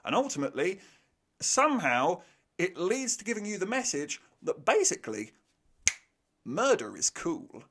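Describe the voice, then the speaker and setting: A man's voice: high-pitched, big pitch swings, normal speed, fairly bright tone, slight background noise. A young man giving a sarcastic, exasperated film review rant, swearing freely. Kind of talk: ranting movie review.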